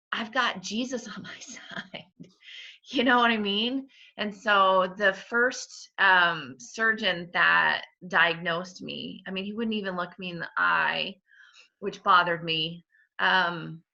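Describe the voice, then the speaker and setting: A woman's voice: lowish voice, vocal fry, bright, forceful tone. A middle-aged woman as a podcast guest, candidly sharing a personal faith testimony, heartfelt and laughing through emotion. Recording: dull lo-fi sound.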